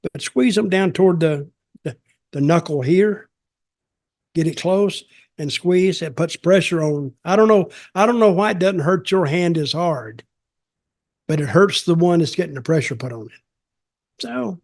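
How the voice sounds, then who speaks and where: Older guy rambling thru a story, gravelly voice, kinda high pitched, cusses a lot. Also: unhurried, darkish tone, dry recording, clean studio sound. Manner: rambling, blunt, profane, with restarts. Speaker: podcast host telling a wrestling story. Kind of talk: casual storytelling.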